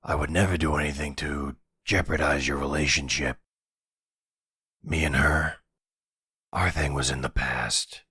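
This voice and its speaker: A man voicing a calm older mafia man, the heroine's ex, in an ASMR boyfriend role-play, speaking reassuringly. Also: a bass voice, a little slow, long pauses, slightly rough, dry recording, studio quality, exaggerated voice.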